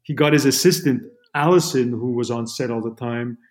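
A man from Montreal, Canada, appears as a camera operator guest in an interview, casually telling stories. His voice is mid-range and a little mellow, at a moderate pace. He rambles, with lots of restarts, fillers, and "you know."

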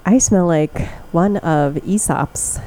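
A woman's voice: lowish voice, takes it slowly, dark tone, poor audio. A young woman co-hosting a casual chat, describing scents in detail and laughing often. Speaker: podcast co-host. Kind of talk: casual chat about fragrances.

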